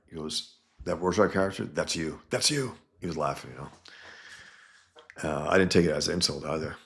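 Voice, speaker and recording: Deep gravelly man reviewing comics. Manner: rambling, thinking aloud. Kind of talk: casual spoken review.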